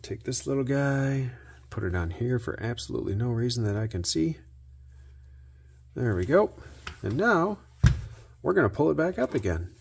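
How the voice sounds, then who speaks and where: A man hosting a repair video, narrating his work out loud with dry little jokes to himself. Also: medium pitch, big pitch swings, moderate pace, creaky, pauses often, slightly rough. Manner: self-talk with dry jokes. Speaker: host.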